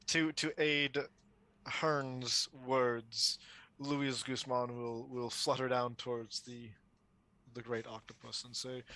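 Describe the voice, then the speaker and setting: A man's voice: medium pitch, level tone, takes it slowly, pushed and bright, no room sound. A man playing a tabletop game, describing his moves casually and stumbling over repeated words. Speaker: player.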